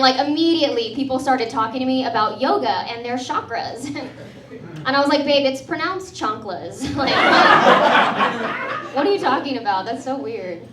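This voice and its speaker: A woman in her thirties from Texas doing a chatty, sarcastic stand-up comedy set and laughing at her own jokes. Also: high-pitched. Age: 30s. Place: comedy club in front of a live audience. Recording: roomy club sound from a distant mic, audience laughter. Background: crowd laughing and cheering.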